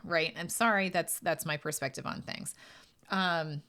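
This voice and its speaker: A woman's voice: deep voice, fairly even intonation, measured pace, sharp tone. A woman hosting a podcast as a medium, talking candidly and casually, telling stories with quoted asides. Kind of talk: casual solo podcast talk.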